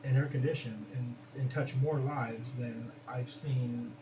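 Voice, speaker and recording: An earnest man hosting a casual talk, thoughtful and often restarting his sentences. He sits away from the mic in a roomy space, and clear background noise runs under his voice. His pitch is in the middle of the male range. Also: fairly even intonation, measured pace, recorded from a distance. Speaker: host. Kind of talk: casual podcast conversation.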